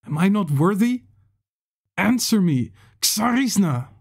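A man's voice: mid-range voice, expressive, gravelly, breathy edge, heavily acted. A man voicing a volatile cult leader. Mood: furious. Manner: slow, menacing, swinging to furious shouts. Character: power-hungry male cult leader, volatile and menacing.

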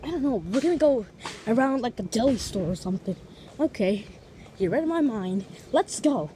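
Chatty higher-voiced woman vlogging outdoors. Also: expressive, normal speed, dark tone, a little hiss or hum. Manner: chatty, piles on big vocabulary words; talks to viewers while walking. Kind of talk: casual walking vlog. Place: outdoors on streets and in a park.

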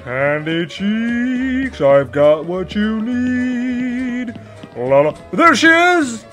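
High, bright old pirate crab boss, growly "arg" talk, swings all over the place while gaming. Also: male voice, very animated, a little slow, soft background music, full character voice. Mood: panicked. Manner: salty pirate-like growls, frantic yelling. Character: gruff greedy old sea captain crab boss. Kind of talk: in-character gaming commentary.

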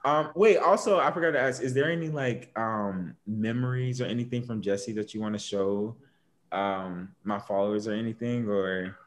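A young man hosting a video call interview, excitable and nervous, talking to his idol. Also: lowish voice, moderate pace, slight background noise. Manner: excitable, nervous fan, giggly. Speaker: YouTuber host.

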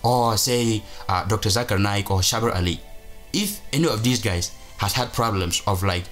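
A man's voice: fairly low pitch, moderate pace, a bit bright. Male vlog host, casual commentary, emphatic and rambling, faint music underneath. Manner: rambling, emphatic, frequent restarts. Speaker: channel host.

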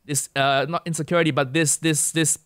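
A man's voice: fairly high pitch, level tone, a little fast, fairly bright tone, no room sound, clean studio sound. A young man from Asia, a comedian and guest on a casual podcast, laying out his view point by point. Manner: lays out his argument point by point.

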